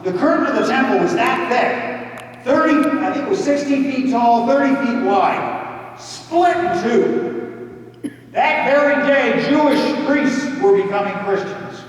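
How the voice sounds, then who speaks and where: A man's voice: extremely high pitch, lively intonation, normal speed. A man giving a talk in a church, retelling a story in a casual, emphatic way. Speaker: guest speaker. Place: large church. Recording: echoey hall, distant mic, faint noise.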